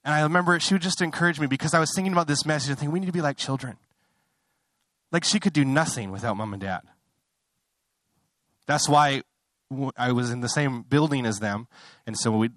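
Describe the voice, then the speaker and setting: A man's voice: a bit bright, no room sound. Young male pastor, conversational sermon delivery with impassioned climbs, dry recording. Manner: conversational, building to impassioned high-pitched fervor; self-interrupting, apologetic asides.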